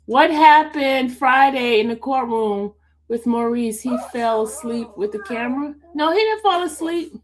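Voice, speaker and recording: A woman's voice: sits high, animated, a little slow. A woman hosting a casual livestream, reading viewer comments aloud and chatting with her dog. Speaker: livestream host answering viewer questions. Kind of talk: casual live chat with viewers.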